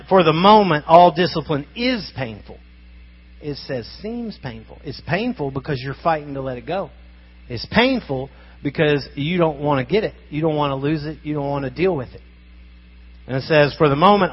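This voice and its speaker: Husky-voiced man preaching emphatically. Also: mid-range voice, muffled recording. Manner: emphatic, conversational preaching with rhetorical questions. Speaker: pastor. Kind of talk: sermon.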